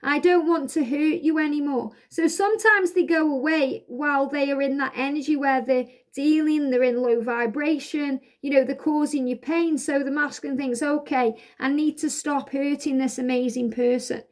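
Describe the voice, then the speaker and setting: A woman's voice: high voice, moderate pace, hardly any pauses. A woman doing a spiritual card reading, reading each card's message aloud and explaining it in a soothing, reassuring way, recorded outdoors. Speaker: tarot card reader.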